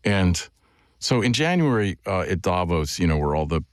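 A man's voice: low-pitched, very animated, normal speed, dry recording. A man being interviewed as a journalist guest, talking in a loose conversational way with plenty of fillers and restarts.

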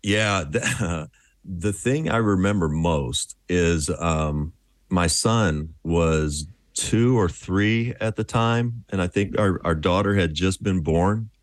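A man in his fifties recounts his playing days with an easygoing, chuckling manner. His voice sits very deep. The recording is close and dry. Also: slow, no room sound. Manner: relaxed, chuckling storyteller. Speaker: former pro basketball player, interview guest. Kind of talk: casual storytelling interview.

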